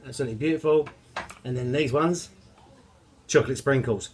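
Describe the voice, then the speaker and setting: A man talks through his home baking in a loose, chatty vlog. He rambles cheerfully and jokes at his own expense, and his voice sits at an ordinary middle pitch. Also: a little fast, a little hiss or hum. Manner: cheerful, rambling, self-mocking. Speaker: home cooking vlogger. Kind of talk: casual chatty cooking vlog.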